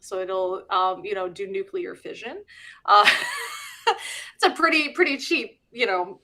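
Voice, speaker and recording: A middle-aged woman talks in a relaxed, chatty way as the host of a live stream. Her voice sits at a middle pitch, and she breaks into small laughs as she walks through her explanations. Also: slow pace. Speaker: host and teacher. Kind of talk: casual live-stream chat.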